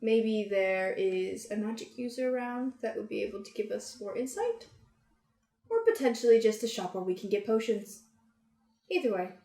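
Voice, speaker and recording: A woman's voice: mid-range voice, expressive, moderate pace, warm tone. A woman playing a tabletop game, musing and thinking aloud. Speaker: player. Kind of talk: casual tabletop play. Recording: roomy echo.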